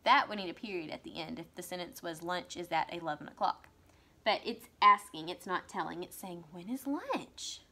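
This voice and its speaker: A woman teacher talks young children through a writing lesson. Her voice is bright and forward. She slows down and stresses each example sentence she reads aloud. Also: fairly low pitch, fairly even intonation. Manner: slow, exaggerated read-aloud of example sentences.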